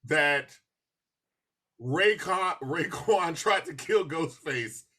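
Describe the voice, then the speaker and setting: A man hosting a podcast in casual chat, telling stories with lots of laughter and animated asides. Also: on the high side, extremely slow, breathy edge. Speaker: podcast host.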